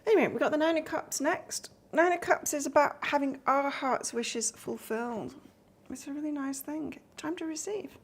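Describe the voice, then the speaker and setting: A woman's voice: high voice, normal speed. A woman from England doing a live tarot reading, chatting casually and reading out cards while answering viewer comments. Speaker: tarot reader.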